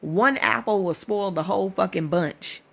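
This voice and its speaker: A woman's voice: medium pitch, moderate pace, vocal fry. A woman delivering a blunt, profane, scolding rant in a casual video. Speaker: social media commenter.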